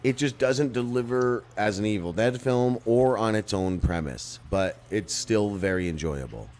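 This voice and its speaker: A podcast host in casual chat who turns to a profane, insulting rant. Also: male voice, lowish voice, moderate pace, a little mellow.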